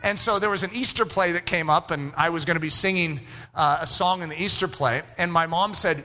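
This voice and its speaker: A man telling a personal story in a sermon, animated and acting out both sides of remembered conversations. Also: high-pitched, fairly quick.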